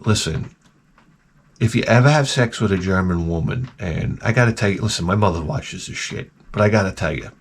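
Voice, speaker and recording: A man hosting his own channel, telling rambling comic stories with lots of swearing and stammered restarts. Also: on the low side. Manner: animated, profane, stammering restarts. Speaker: retro game channel host. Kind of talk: rambling comedic rant.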